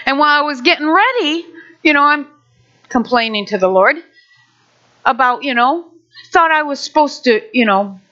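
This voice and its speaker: A middle-aged woman telling a personal faith testimony, animated and acting out what people said. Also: high voice, lo-fi sound. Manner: animated storyteller, acts out quotes.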